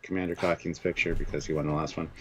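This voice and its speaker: A man's voice: a bass voice, little pitch movement, quick pace, fairly bright tone, husky. A man co-hosting a casual chat, reading out votes in a matter-of-fact, dry way. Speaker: podcast co-host running the listener vote.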